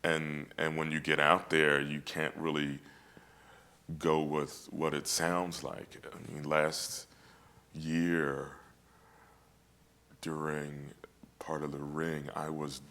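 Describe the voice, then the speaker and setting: Very deep-voiced man, reflective and halting. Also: monotone, bright, forceful tone. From United States. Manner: reflective, halting with many restarts. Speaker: opera singer, guest. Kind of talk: casual conversation.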